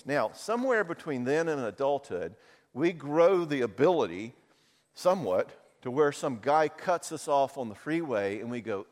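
A middle-aged man preaching a sermon, animated and jokey, acting out little voices. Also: medium pitch, moderate pace. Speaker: pastor. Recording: long hall reverb.

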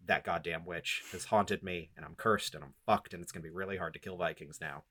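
A man voicing a cursed, lustful warrior, in a low, half-muttered delivery. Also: fairly even intonation, brisk, sharp tone, husky, heavily acted. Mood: doomed.

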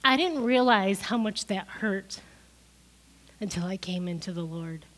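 A woman's voice: mid-range voice, lively intonation, measured pace, a bit bright. A middle-aged woman preaching a sermon, crying as she gives an emotional testimony that builds to emphatic peaks.

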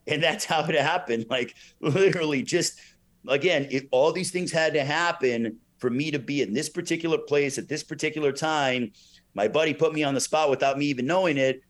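A middle-aged man, a ring announcer, telling a story in an interview with lively delivery and frequent "you know" fillers, acting out the voices he quotes. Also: a little high, fairly quick.

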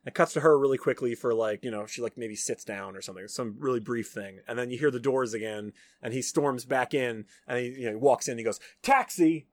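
A man's voice: medium pitch, fast, hardly any pauses, dry recording. Chatty man recapping a movie, dry sound. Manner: rambling, heavy on fillers like "you know" and "like". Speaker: podcast host. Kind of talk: casual film recap chat.

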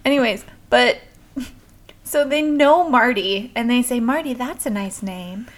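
A woman's voice: a little high, animated, unhurried. A woman co-hosting a casual chat, walking through a film's plot step by step. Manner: explanatory, recaps the plot step by step. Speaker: podcast co-host.

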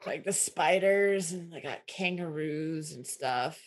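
A woman's voice: low-pitched, takes it slowly. A woman co-hosting a casual group podcast, rambling and playful. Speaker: podcast co-host.

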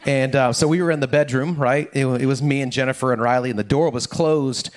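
A man's voice: medium pitch, fairly even intonation, fairly quick. A middle-aged man, a pastor, giving a casual, conversational sermon, often repeating words and checking in with "right?". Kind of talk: casual sermon with family stories.

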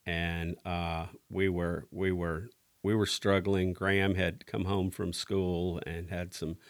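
Middle-aged guy, kinda low voice, chatty, keeps stopping and restarting. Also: a bit bright. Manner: halting, with many restarts. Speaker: director of ministries. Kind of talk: casual podcast conversation.

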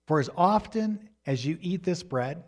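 A man preaching a sermon with emphatic delivery, swinging up and down in pitch and loudness, and referring to slides as he teaches. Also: expressive, a little slow. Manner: emphatic preaching, rising and falling in pitch and volume. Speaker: pastor.

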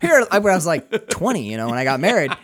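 Profane, animated young man telling a story. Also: on the high side, brisk, no echo, studio quality. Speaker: podcast co-host. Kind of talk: casual storytelling chat. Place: podcast studio.

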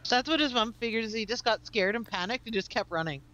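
A woman in casual podcast chat with a brisk, matter-of-fact manner. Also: fairly high pitch, fairly bright tone, rough recording.

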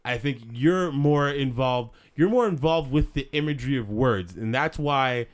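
A man co-hosting a podcast, arguing his point in a deliberate, profane way. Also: mid-range voice, animated. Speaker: podcast co-host. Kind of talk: casual chat.

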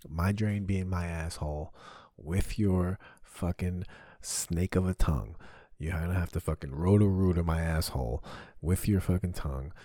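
A man's voice: sits low, moderate pace, mellow, no echo, clean studio sound. A man hosting a podcast from his home basement, telling a rambling, profane, crude comic story in casual talk. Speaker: podcast host. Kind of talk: casual comedic monologue.

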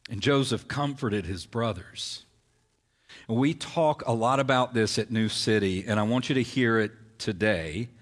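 Earnest male pastor preaching slowly in a hall. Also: mid-range voice. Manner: earnest, emphatic preaching with repeated phrases. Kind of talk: sermon.

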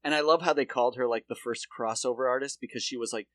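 A male co-host of a comedy podcast speaks fast in a medium-pitched voice, with no echo. He tells a long story loosely and animatedly, laughing often and swearing freely in casual comedic chat.

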